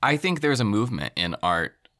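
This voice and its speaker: A man's voice: medium pitch, very animated, moderate pace, pushed and bright, no room sound. A man in casual podcast chat who rambles through his thoughts with many fillers.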